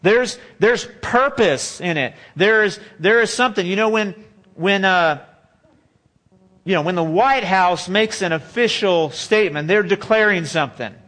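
A man with a notably high voice delivers a sermon from a church microphone. He talks like he's chatting with the congregation, restarting sentences and repeating key words for emphasis, with playful asides. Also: unhurried, a bit bright. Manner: conversational, repeats and restarts phrases, joking asides. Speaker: pastor. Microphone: handheld or stage microphone.

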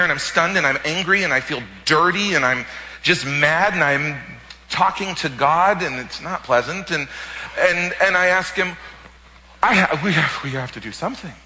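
A man preaching as a pastor, telling a personal story in an animated way and often repeating words. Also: on the high side, long reverb tail, low-quality recording. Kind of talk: sermon testimony storytelling.

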